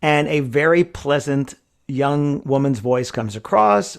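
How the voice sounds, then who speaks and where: A male podcast host with a gravelly, fry-edged voice that sits a little high. He tells long anecdotes in a loose, chatty way. He keeps checking in with his guest through a casual "right?". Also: animated, slow pace. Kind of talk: conversational podcast storytelling.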